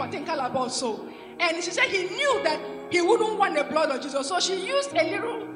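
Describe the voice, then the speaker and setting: A woman giving a rambling church testimony, telling a story with many restarts. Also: high voice. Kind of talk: spoken testimony. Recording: echoey hall with music behind.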